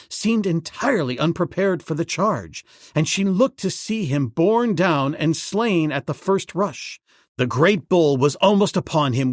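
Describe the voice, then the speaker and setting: Gravelly, slow-paced male audiobook narrator. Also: on the high side, no room sound, studio quality. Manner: dramatic, measured storytelling.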